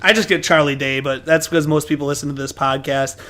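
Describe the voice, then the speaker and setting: A young man with a notably high voice chats on a podcast. He is excitable and leans on "dude," and he acts out lines from the movie as he goes. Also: brisk. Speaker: podcast co-host. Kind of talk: casual chat.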